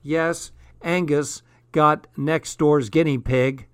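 A man voicing an exasperated middle-aged father phoning home from abroad, blustery and quick to scold. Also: a little high, fairly even intonation, clean tone, dry recording, studio quality. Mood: chatty. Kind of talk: audiobook character voice.

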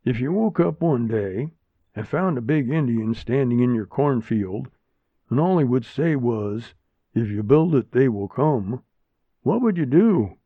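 A man's voice: mid-range voice, expressive, measured pace, husky, no echo. A man doing eager talkative Red. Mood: earnest. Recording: narrow phone-like sound, dry.

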